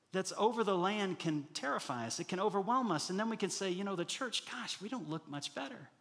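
A middle-aged pastor preaches with earnest conviction, his fairly high voice climbing to emphatic peaks when he acts out the accusing voices in his head. The sound carries a long reverb, as if from a church hall. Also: fairly bright tone. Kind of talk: sermon.

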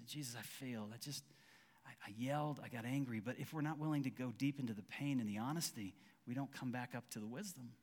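A man's voice: medium pitch, in a large hall. A man preaching a conversational sermon as pastor, acting out quoted dialogue with frequent restarts.

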